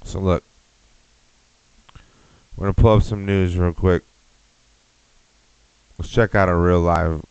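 A man's voice: deep voice, steady tone, slow pace, pauses often, darkish tone, clean tone, no room sound, low-quality recording. A man hosting a podcast, ranting in a profane, mocking way. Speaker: podcast host.

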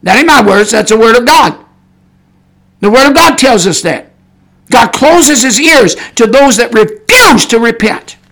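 A man preaching a fiery sermon on a podcast, shouting and repeating his points for emphasis. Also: very high voice, lively intonation, measured pace.

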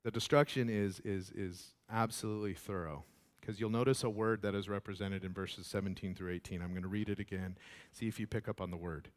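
A man preaching a sermon as pastor, animated and often repeating words. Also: fairly low pitch, a little fast.

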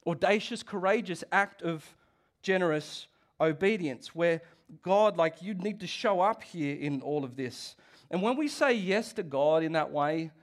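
In a high voice, a middle-aged pastor delivers a lively, conversational sermon full of asides and restarts.

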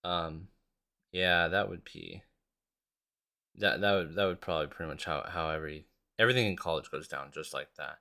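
Deep, bright-toned man rambling casually. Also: a little fast, gravelly. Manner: profane, self-mocking, laughs often; rambling with restarts. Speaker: podcast host. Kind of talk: casual solo podcast chat.

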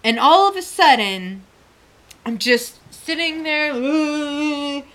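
A woman's voice: sits high, big pitch swings, takes it slowly, fairly bright tone. A middle-aged woman co-hosting a talk show, telling a personal story frankly, swearing freely and laughing often. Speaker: podcast co-host. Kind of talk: candid storytelling chat.

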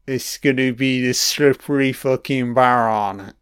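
A man's voice: medium pitch, slow, a bit bright, smooth, no room sound, clean studio sound. A man giving a crude, mocking running commentary on a film, swearing heavily as he reacts.

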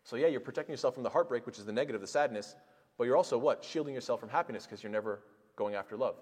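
A male preacher delivers an earnest sermon at a middle pitch. He drives his points with rhetorical questions and short stories. His voice rings out in a hall with a long reverb tail. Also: very fast, a little mellow, slightly rough. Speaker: imam.

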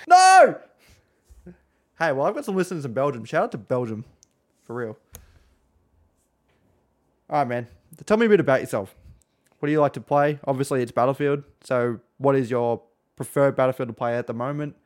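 A man's voice: mid-range voice, a little fast, pauses often, darkish tone. A man with an Australian accent hosts a casual podcast. He rambles through asides and swears freely. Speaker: podcast host.

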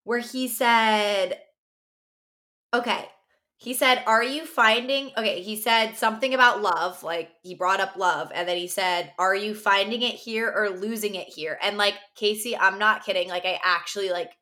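A woman's voice: mid-range voice, moderate pace, pushed and bright. A young woman co-hosting a podcast, talking animatedly in casual chat and swearing freely. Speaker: podcast co-host.

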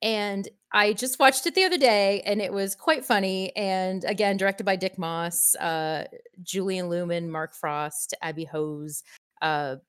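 A woman's voice: mid-range voice, a little slow, a bit bright, clear, resonant tone. A woman co-hosting a casual film podcast, speaking hesitantly with many fillers. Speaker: podcast co-host. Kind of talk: casual chat about films.

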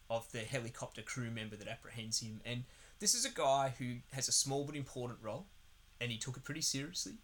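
Swearing often and rambling, this male podcast co-host gives a casual, sarcastic take on a film. He has a medium-pitched voice with a sharp tone.

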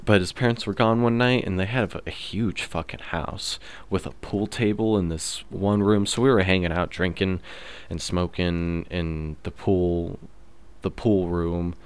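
A man's voice: deep voice, fairly even intonation, measured pace, clear, resonant tone. A young man in his twenties, hosting his own podcast and telling stories in a laid-back, swear-heavy way, full of fillers. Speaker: podcast host. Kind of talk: casual storytelling monologue.

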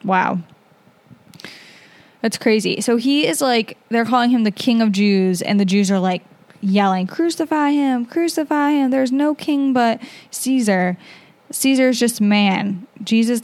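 A woman's voice: mid-range voice, darkish tone, dry recording. A young woman hosting a podcast, reading a Bible passage aloud and then reflecting on it in a casual, earnest way with fillers. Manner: earnest, conversational, with fillers and self-corrections. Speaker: podcast host reading scripture.

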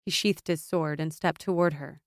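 Woman audiobook narrator, measured, low pitch, dry close sound. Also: fairly even intonation, no room sound. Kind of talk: scripted fantasy narration.

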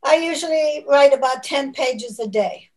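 Author guest, a woman, slightly high voice, measured and reflective. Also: darkish tone, poor audio. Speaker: novelist guest. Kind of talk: casual interview chat.

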